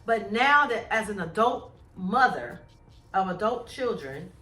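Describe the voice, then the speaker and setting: A woman in her forties co-hosting a casual chat show, animated and expressive as she talks about her grown son. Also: a little slow, distant mic. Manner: animated, acts out worried-mom questions in a higher voice. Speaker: podcast co-host. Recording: echoey room, off-mic.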